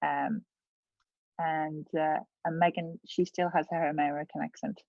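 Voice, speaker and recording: A woman's voice: sits low, flat delivery, a little slow, a little mellow, dry recording. A middle-aged English woman, a podcast guest, chatting in an easygoing way about her family, heard through dull, lo-fi audio. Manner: easygoing, laughs while telling family stories. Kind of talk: casual conversation.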